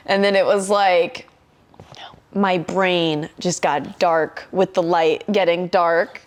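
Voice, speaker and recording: A young woman telling a story in casual podcast chat, animated and swearing often, acting out her own quotes. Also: lowish voice, unhurried.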